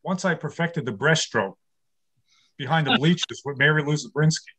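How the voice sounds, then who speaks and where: A man's voice: a little high, moderate pace, a bit bright, husky. A man in his sixties from New York City doing a stand-up comedy set over a video call from his home studio, firing off one-liners and laughing at his own jokes. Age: 60s. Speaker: stand-up comic.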